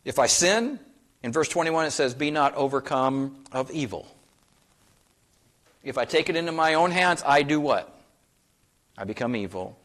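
A man's voice: fairly high pitch, expressive, moderate pace, long pauses, a bit bright. A man preaching a sermon. He speaks emphatically, asks his listeners many rhetorical questions, and quotes scripture in old-fashioned wording. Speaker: pastor.

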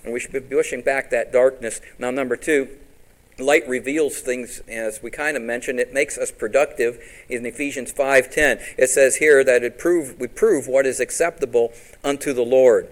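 A middle-aged man preaching a sermon as pastor, lively and throwing rhetorical questions at his congregation. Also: mid-range voice, moderate pace, rough recording.

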